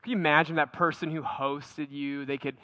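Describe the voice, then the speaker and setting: Forceful, bright-voiced preaching man. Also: fairly high pitch, normal speed, dry recording. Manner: animated, repeats words, asks the congregation questions. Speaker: pastor. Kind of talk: conversational sermon.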